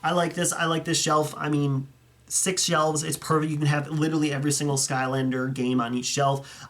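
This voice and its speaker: A young man chatting casually and enthusiastically as he reviews viewer photos, rambling and correcting himself as he goes. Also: medium pitch. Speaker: YouTuber reviewing fan collections.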